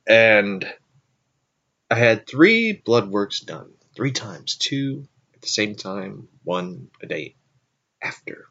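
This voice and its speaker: A man's voice: on the low side, very animated, takes it slowly, bright, forceful tone, lo-fi sound. A man hosting his own show, telling a rambling story in a casual way and correcting himself as he goes. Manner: rambling, self-correcting, frequent asides. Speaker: show host.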